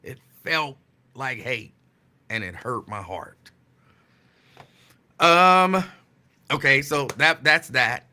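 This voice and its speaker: This casual stream's host speaks in an animated but slow mid-range voice with a sharp tone and long pauses. He's chatty and digressive, replying to chat comments and repeating phrases for emphasis.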